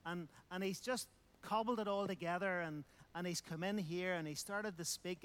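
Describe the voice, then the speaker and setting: A man's voice: high voice, moderate pace, fairly bright tone, smooth. A man preaching a sermon, emphatic, repeating phrases and asking rhetorical questions.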